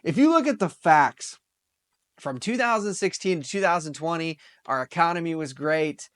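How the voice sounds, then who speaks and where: A man's voice: fairly high pitch, moderate pace. Upbeat man in his thirties. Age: 30s. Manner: excitable and upbeat, laughs often. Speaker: podcast host. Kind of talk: casual opinion talk show.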